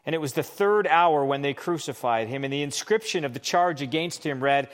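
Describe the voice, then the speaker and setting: Man preaching a slow, deliberate sermon. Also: a little high. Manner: slow, deliberate scripture reading with dramatic emphasis on quotes. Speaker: pastor.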